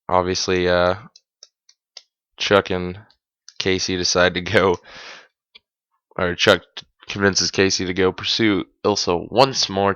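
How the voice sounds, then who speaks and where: Male podcast host, low voice, chatty and amused, dull dry home recording. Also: a bit bright, no room sound. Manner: chatty, amused, corrects himself mid-sentence. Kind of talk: casual episode recap.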